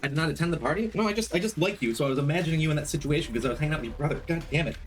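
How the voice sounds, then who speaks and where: A man's voice: fairly high pitch, lively intonation, racing. A man streaming a game, chatting casually, rambling through a story and greeting viewers by name.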